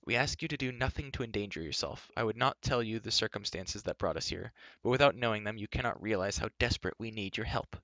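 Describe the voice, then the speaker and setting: A man voicing a calm, grave male warrior who speaks slowly and solemnly. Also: on the low side, no room sound, dull audio.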